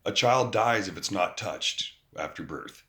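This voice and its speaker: Deep-voiced man ranting angrily. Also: lively intonation, a little slow, sharp tone. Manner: angry, profane rant with mocking quoted voices. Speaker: vlogger. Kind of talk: ranting to camera. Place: outdoors. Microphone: phone.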